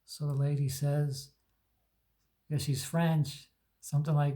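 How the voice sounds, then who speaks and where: Rambling middle-aged man, somewhat high voice. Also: slow pace, pauses often. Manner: rambling, relaxed storytelling with many fillers. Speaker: comic book collector vlogger. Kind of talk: casual show-and-tell chat.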